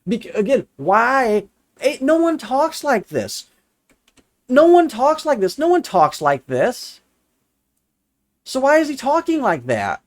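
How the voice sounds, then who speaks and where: Speaking slowly in a very high-pitched voice that swoops wildly, a young adult man answers a viewer's comment. He's a religious commentator, and his casual rebuttal is sarcastic and exasperated, with lines repeated for emphasis.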